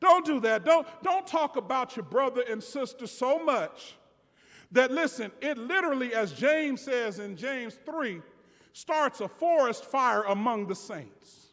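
A man preaching a sermon as pastor, building to loud shouts and dropping to quiet, confiding asides. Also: extremely high pitch, expressive, unhurried. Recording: long reverb of a large hall.

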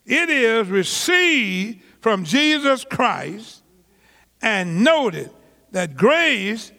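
A man preaching a sermon slowly and emphatically, stretching key words and repeating phrases, with casual everyday grammar. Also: sits high, bright, forceful tone, in a large hall. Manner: slow, emphatic preaching with drawn-out words and repetitions; colloquial vernacular grammar. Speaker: pastor.

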